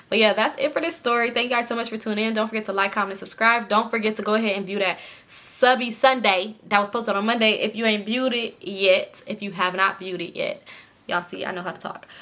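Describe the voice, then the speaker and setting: A young woman with a hoarse throat telling a storytime to her viewers in casual, slangy, animated chat. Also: medium pitch. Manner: animated, slangy, quotes people in voices. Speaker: storytime vlogger.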